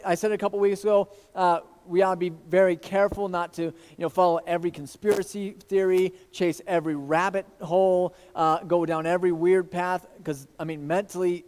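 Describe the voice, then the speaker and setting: A man's voice: sits high, darkish tone. A man, a pastor, preaching an earnest sermon to his congregation in a church. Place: church sanctuary. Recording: long church reverb.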